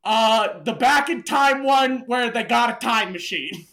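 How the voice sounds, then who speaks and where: A man co-hosting a casual chat, relaxed, full of fillers and swearing freely. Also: extremely high pitch, unhurried. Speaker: podcast co-host.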